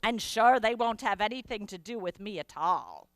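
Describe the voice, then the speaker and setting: A woman voicing a jovial middle-aged Irish ship's doctor with an Irish accent, loud and teasing in a broad brogue. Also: mid-range voice, expressive, normal speed, no echo, clean studio sound, close to an everyday voice. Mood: joking.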